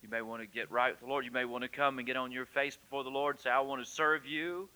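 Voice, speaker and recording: A man, the pastor, gently pleading in an altar call at a church service. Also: mid-range voice, little pitch movement, racing, clean tone, low-quality recording.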